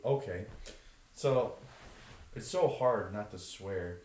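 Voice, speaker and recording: A young man co-hosts a podcast, telling stories in an animated, casual way and slipping into the voices of the people he quotes. His voice sits fairly low. The room behind him is roomy and echoing. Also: takes it slowly, slight background noise. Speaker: podcast co-host. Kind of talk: casual storytelling. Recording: roomy echo.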